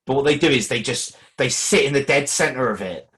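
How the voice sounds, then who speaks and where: A man, a podcast guest in casual chat, talking in a wry, rushed way and tripping over his words. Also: mid-range voice, a bit bright, a little hiss or hum.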